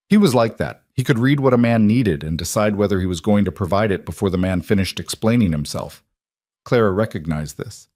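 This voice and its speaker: Casting note: male storyteller, low and dry, calm scripted narration. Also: dry recording.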